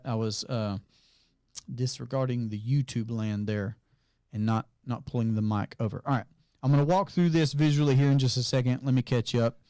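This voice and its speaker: A man's voice: mid-range voice, a little mellow. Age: unknown. Sex: man. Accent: North Carolina Southern. Role: financial coach. Style: chatty livestream Q&A from an office. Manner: chatty, reads viewer comments aloud, tags lines with "okay?". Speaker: financial coach hosting a live Q&A. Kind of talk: casual livestream Q&A. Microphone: clip-on mic added partway.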